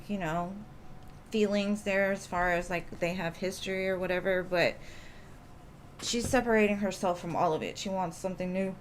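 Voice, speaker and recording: A woman's voice: on the low side, slight background noise. A woman doing live tarot readings, talking in a chatty, reassuring way with lots of casual fillers. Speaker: tarot reader.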